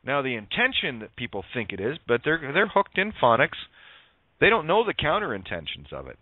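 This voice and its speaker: Over tinny phone-line radio audio with no echo, a man runs a talk show and preaches a spiritual monologue that is emphatic, sarcastic, full of puns and profanity. His medium-pitched voice swings hugely in pitch, and he talks a little fast.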